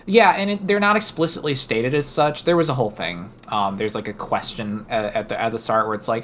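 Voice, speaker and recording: A man's voice: mid-range voice, brisk, few pauses, a bit bright, a little hiss or hum. A man playing a game on a casual stream, thinking aloud about his moves in an easygoing, self-deprecating way. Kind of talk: casual let's-play commentary.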